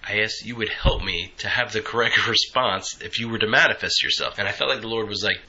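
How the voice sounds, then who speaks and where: An earnest man speaks about prayer in a loose, conversational way, his voice strongly bright and forward. He talks on a fairly low pitch. The audio is somewhat dull and lo-fi. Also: fairly quick, hardly any pauses. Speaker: Christian podcast speaker. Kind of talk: reflective spiritual teaching. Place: home prayer room.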